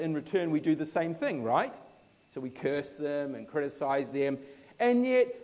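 New Zealand preacher, lo-fi sound. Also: male voice, on the high side. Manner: conversational, anecdotal, emphatic swells then soft. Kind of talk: sermon.

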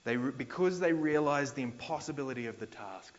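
A man's voice: mid-range voice, fast, hardly any pauses, highs cut off. A man with an Australian accent preaching a sermon as pastor, conversational, retelling scripture in everyday slang.

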